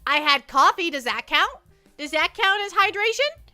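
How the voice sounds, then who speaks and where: A woman's voice: extremely high pitch, lively intonation, normal speed, pushed and bright, no echo, soft background music. A woman streamer chatting casually and rambling, often repeating her words as she answers chat. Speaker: livestreamer.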